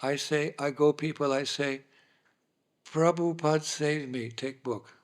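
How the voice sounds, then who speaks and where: A man voicing a stubborn, simple-hearted male devotee who speaks halting, broken English. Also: on the high side, steady tone, close to an everyday voice. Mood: earnest. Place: dinner hall, indoors.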